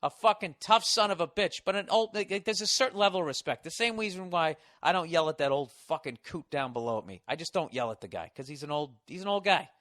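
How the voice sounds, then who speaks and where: Male streamer, slightly high voice, dry close sound, crude animated rant. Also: fast talker, few pauses, no echo. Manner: animated, crude and swearing, repeats words. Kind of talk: casual profane rant.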